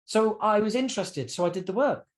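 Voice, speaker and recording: A man in his fifties, a guest musician telling stories animatedly in a candid interview, swearing freely. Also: fairly quick. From United Kingdom. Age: 50s. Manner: animated storyteller with swings in pitch and loudness, swears freely.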